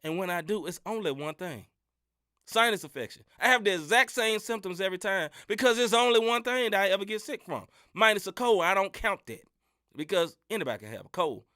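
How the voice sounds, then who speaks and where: Man, high bright voice, animated slangy rant, under the weather. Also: a little fast, dry recording, clean studio sound. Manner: animated, laughing rants full of slang. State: under the weather with a sinus infection. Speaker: podcast co-host. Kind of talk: casual sports-show chat.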